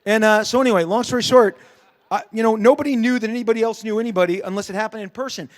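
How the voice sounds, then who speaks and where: A man's voice: sits high, very fast. A middle-aged man on a convention panel telling a story in casual, rambling style, full of fillers and restarts, acting out the people he quotes. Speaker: comic creator on a convention panel.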